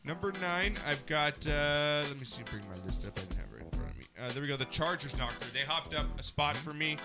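A man hosting a sports podcast, his voice pitched a bit high, talking in a loose, excitable way and laughing often. Music plays clearly behind him. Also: fast. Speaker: podcast host. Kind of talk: casual sports talk.

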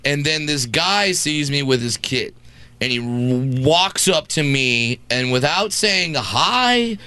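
A man's voice: a little high, expressive, slow pace, pushed and bright, clear, resonant tone. A man in his thirties telling comic stories on a talk show, jumping into the voices of the people in them. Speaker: guest storyteller.

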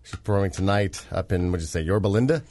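A man hosting a radio show, joking through quick banter with his co-host and guest. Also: sits low, a little mellow, dry recording. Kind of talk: casual radio chat. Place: radio studio.

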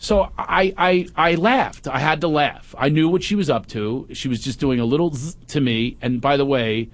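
A middle-aged man telling a family story in casual chat, acting out his teenage son with high shouted lines. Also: moderate pace, no room sound.

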